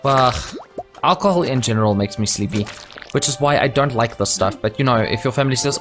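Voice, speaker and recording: A man's voice: medium pitch, fairly quick, music in the background. Drowsy man with dry jokes. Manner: dry, joking asides. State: sleepy after wine. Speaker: gaming host. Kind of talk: casual gameplay chat.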